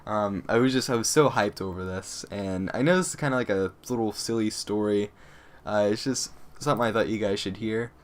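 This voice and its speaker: A young man vlogging, telling a story excitably and acting out quotes with lots of "like"s. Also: fairly low pitch, a little fast. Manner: excitable, acts out quotes, many "like"s. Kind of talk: casual storytelling to camera.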